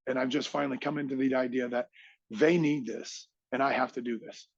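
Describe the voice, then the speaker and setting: A man's voice: mid-range voice, steady tone, fairly quick, creaky, dry recording, highs cut off. A middle-aged man, a podcast guest, tells a motivational story with emphatic energy and acts out other people's lines.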